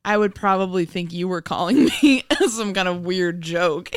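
A woman's voice: lowish voice, normal speed, clear, resonant tone, no echo. Giggly young woman, dry close sound. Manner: giggly, laughs often, playful. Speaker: podcast co-host. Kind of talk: casual movie chat.

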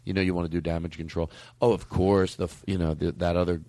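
A man's voice: deep voice, flat delivery, fast talker, warm tone, no room sound. A man hosting a comedy podcast, rambling and profane, often laughing at himself mid-sentence. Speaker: podcast host. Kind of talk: casual comedy podcast banter.

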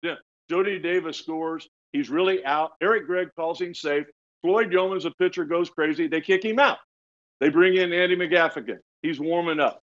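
A man in his sixties, a retired pitcher, telling lively stories in an interview, often laughing and restarting his words. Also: moderate pace. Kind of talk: storytelling in casual interview. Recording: dull lo-fi sound.

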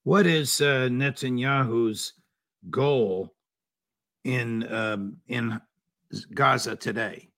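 Interviewer guy, gravelly voice, short halting questions. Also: medium pitch, a bit bright.

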